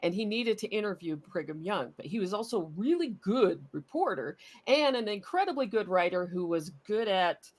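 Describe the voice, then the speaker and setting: A woman's voice: medium pitch, sing-song, normal speed, hardly any pauses. A woman on a panel telling an anecdote in casual chat, chatty and swearing, with many "you know" fillers.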